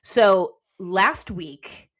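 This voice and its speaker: A woman's voice: medium pitch, very slow, fairly bright tone. A woman from the United States hosting a casual podcast chat, earnest and frustrated, often restarting her sentences. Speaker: podcast host.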